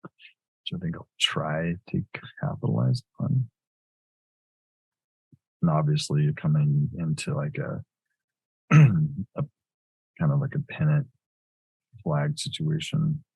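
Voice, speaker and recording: A man with a very low, gravelly voice and a husky edge talks through his trades live, thinking aloud and correcting himself as he goes. The sound is close and dry, with no room around it. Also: slow, long pauses, darkish tone, no echo, poor audio. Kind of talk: live trading commentary.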